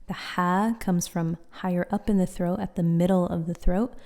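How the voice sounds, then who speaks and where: A woman with a mellow, fairly low voice explains pronunciation in a clear, patient teaching manner. She demonstrates sounds aloud as she goes. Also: fairly even intonation, moderate pace. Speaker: Quran recitation teacher. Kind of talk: instructional explainer.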